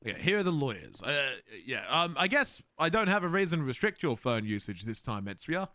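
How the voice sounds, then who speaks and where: A man's voice: on the high side, very animated, fairly quick, pushed and bright. A man streaming a game role-play and chatting to viewers, swearing, laughing and rambling.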